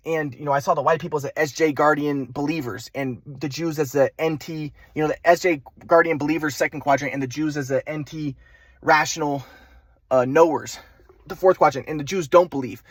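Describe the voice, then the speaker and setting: A man's voice: fairly high pitch, steady tone, fairly quick, no echo. A young man telling a personal story in a rambling way, full of restarts and repeated words.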